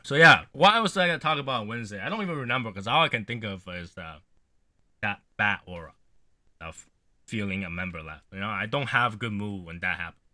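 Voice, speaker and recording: A man's voice: lowish voice, expressive, brisk, pushed and bright, dry recording. A man hosting a casual livestream chat, rambling in a gloomy, offhand way and swearing now and then. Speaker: livestream host.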